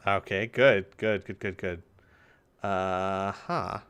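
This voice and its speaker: Slow, low-voiced male game master. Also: fairly even intonation, fairly bright tone, smooth. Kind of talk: narrating a tabletop game.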